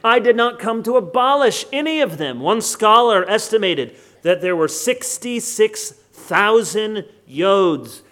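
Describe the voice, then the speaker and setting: Emphatic American preacher with a high voice. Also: male voice, animated, fairly bright tone. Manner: emphatic, slows down to stress key words, joking asides. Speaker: pastor. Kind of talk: expository sermon.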